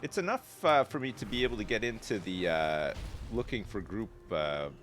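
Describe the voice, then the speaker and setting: A man's voice: lowish voice, expressive, normal speed, fairly bright tone, soft background music. A man in his thirties chatting casually with viewers as a game streamer, rambling loosely from thought to thought. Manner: rambling, chatty, answers chat, swears casually. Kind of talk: casual live-stream chat while gaming. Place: home streaming setup.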